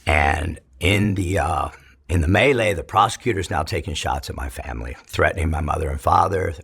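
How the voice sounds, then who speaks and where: A man's voice: low voice, moderate pace, vocal fry, a bit bright, husky. A man from California telling his life story in an interview, in a casual, profane, rambling way with many restarts.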